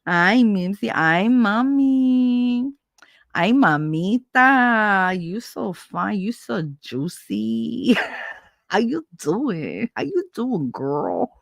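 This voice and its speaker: A woman voicing a brash, smug male street catcaller who croons drawn-out sweet talk. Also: medium pitch, very animated, creaky, dry recording, studio quality, full character voice. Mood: smug flirting.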